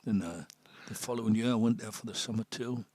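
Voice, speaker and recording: Husky old North East English man. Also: fairly low pitch, quick pace, darkish tone, dry recording. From Sunderland, England. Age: 70s. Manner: chatty, laughs often, drops to a near whisper on serious points. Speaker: missionary priest, guest. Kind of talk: casual storytelling chat.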